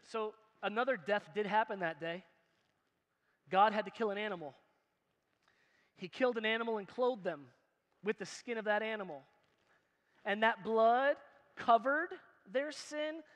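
A man's voice: high voice, normal speed, pauses often, fairly bright tone. A male pastor giving a sermon, emphatic and conversational, asking the crowd questions and joking with them. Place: church hall. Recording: long hall reverb in a church.

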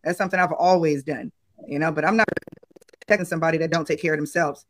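A woman on a video call in a casual panel discussion, talking in an animated way and acting out other people's tones. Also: low voice, fast, a little hiss or hum.

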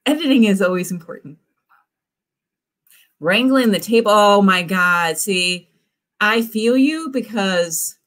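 A woman author hosts a live writing stream, chatting casually in a bubbly, effusive way. Her voice is lowish and a bit bright.

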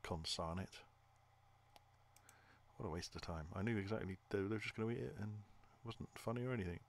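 A man's voice: lowish voice, fairly quick. A man thinking aloud while playing a game, hesitant and muttering to himself. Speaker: gamer. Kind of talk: playthrough commentary.

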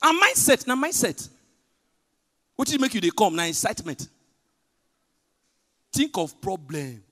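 A man with a Nigerian accent performing a stand-up comedy set in pidgin, telling stories with big swings between loud punchlines and hushed asides. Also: sits high, very animated, unhurried. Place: large hotel event hall. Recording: live hall reverb.

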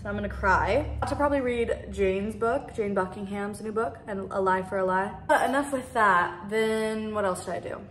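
A woman's voice: mid-range voice, normal speed, hardly any pauses, a little hiss or hum. Young woman vlogger, mid-range voice, casual rambling chat, echoey apartment room. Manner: chatty, rambling, lots of "like". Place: her apartment. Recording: roomy echo.

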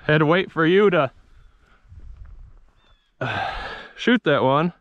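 A man's voice: on the high side, lively intonation, slow pace, a bit bright, no room sound, muffled recording. A middle-aged man filming himself on a hunt in open fields, talking casually and calling his dogs with short repeated commands. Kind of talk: casual commentary while hunting outdoors.

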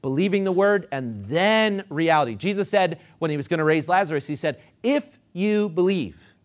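A man preaching a sermon as pastor, emphatic and repetitive, dropping low and quiet when he quotes scripture. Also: expressive, fairly quick. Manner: emphatic preaching with repeated phrases.

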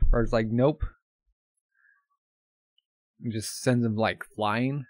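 A man's voice: on the low side, fairly even intonation, darkish tone, no echo, clean studio sound. A man casually reacting to and reading a comic as a video host, chatty and full of fillers. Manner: chatty, filler-heavy, quick to laugh.

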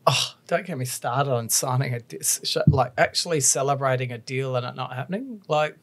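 A man's voice: medium pitch, moderate pace, fairly bright tone. A man hosting a podcast, asking casual follow-up questions and swearing freely. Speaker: podcast host.

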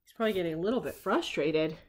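A woman's voice: fairly low pitch, lively intonation, quick pace. An older woman and grandmother reading a storybook aloud, stopping to explain the story to children with questions. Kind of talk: storybook read-aloud with asides.

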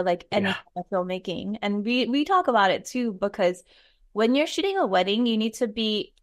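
Woman, mid-pitched, eager filmmaker co-host giving advice in a casual podcast chat. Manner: enthusiastic, quick to react.

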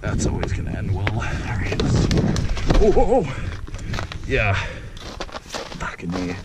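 A man talks into an action camera outdoors in the snow, rambling, excited and swearing freely. Loud wind roars over his voice, and the snowmobile engine runs somewhere behind him. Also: on the low side, measured pace. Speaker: vlogger. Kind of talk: casual outdoor vlog.

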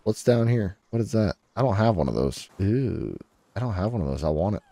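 Fairly quick and gravelly, this young man's voice comes through a dry recording as he hosts a gaming channel. He riffs playfully on his play, talks to the creatures he sees, and his pitch spikes in sudden bursts of excitement.

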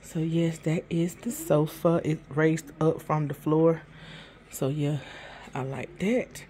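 A woman's voice: low voice, fairly even intonation, slow, dark tone. A chatty woman speaks to her camera in a home vlog, calling her viewers y'all and going back over the same points. Her nose is stuffy. A faint hum sits behind her in the room. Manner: chatty, addresses viewers as y'all, repeats herself. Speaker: vlogger.

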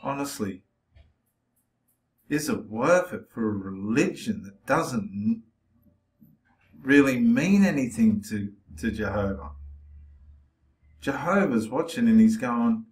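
A man's voice: medium pitch, lively intonation, takes it slowly, long pauses. A man preaching with passion to the camera, confronting and challenging his listeners directly. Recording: roomy echo.

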